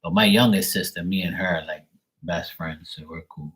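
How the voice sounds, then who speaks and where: Blunt, husky low-voiced man venting. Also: moderate pace, a bit bright, low-quality recording. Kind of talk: casual chat.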